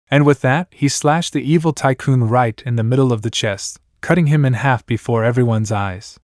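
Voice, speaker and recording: A man narrating a fanfiction story in an even, steady reading voice. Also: mid-range voice, moderate pace, few pauses, no echo, studio quality.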